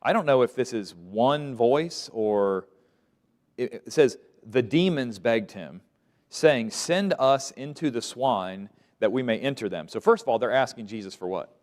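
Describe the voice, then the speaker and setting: A man's voice: medium pitch, lively intonation, a little slow, darkish tone. A man teaching a Bible lesson to a class, asking questions and letting them fill in the answers. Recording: long reverb of a large room.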